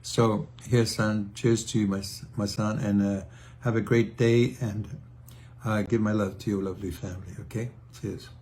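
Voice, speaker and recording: Halting older man clearing his throat. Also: on the low side, flat delivery, a little mellow. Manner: fond, reminiscing storyteller. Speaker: singer sharing a video message. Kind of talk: casual spoken video diary.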